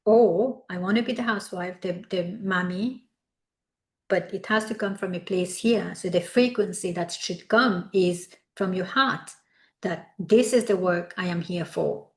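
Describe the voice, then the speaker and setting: A woman's voice: fairly low pitch, measured pace. Reflective middle-aged woman sharing her story. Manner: reflective and confessional, frequent "like" fillers. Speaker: wellness coach. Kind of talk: personal storytelling talk.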